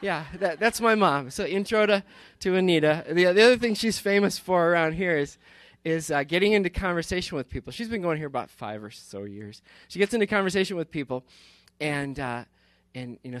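A fiftyish pastor speaks casually from the pulpit, his voice on the high side and the recording dry. He rambles good-naturedly, frequently restarting sentences and breaking into laughter.

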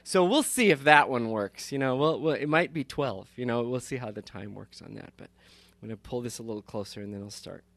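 A man's voice: medium pitch, fairly quick, gravelly, few pauses, a bit bright. A pastor in his fifties talking from the pulpit in a rambling, good-humored way, often restarting his sentences and laughing. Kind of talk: casual talk from the pulpit.

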